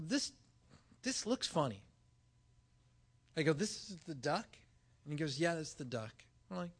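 A man preaching a sermon, telling a personal story with lively acted-out dialogue. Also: fairly high pitch. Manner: animated storytelling, acting out dialogue. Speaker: pastor.

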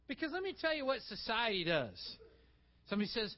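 A male pastor preaching a sermon, animated and acting out little dialogues as he goes. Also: very high voice, quick pace, highs cut off.

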